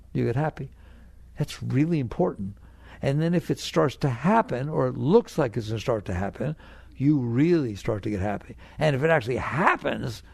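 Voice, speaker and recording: Gravelly man giving an earnest spiritual talk. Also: a little high, darkish tone, dry recording. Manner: earnest, pleading, repeats phrases for emphasis; acts out anxious inner voices. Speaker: spiritual teacher.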